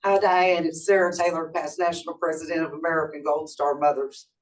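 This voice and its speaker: A woman's voice: deep voice, flat delivery. Earnest woman, heard from a distance. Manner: earnest, measured, heartfelt. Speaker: guest speaker. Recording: distant mic.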